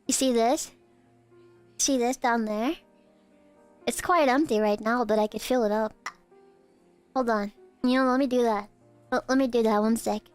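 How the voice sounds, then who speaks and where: A young woman streams live, pretending to be a barista and teasing her chat in a giggly, playful way, with occasional squeaky outbursts. She talks at normal speed with long pauses, her tone clean, faint music behind her.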